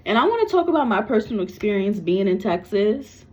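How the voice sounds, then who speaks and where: A woman's voice: medium pitch, sing-song, fairly quick, a little mellow, slight background noise. A woman, a psychic medium, talking casually to camera in a blunt, repetitive way and cursing freely. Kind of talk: casual spoken reading to camera. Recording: dull lo-fi recording.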